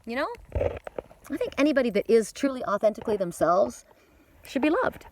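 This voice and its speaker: A rambling, chatty woman in her fifties talks through a card reading outdoors in the mountains. Her pitch swings widely as she chats. Clear wind noise sits behind her voice. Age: 50s. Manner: chatty, rambling, lots of repeats and laughs. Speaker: oracle card reader. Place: outdoors in windy mountain forest.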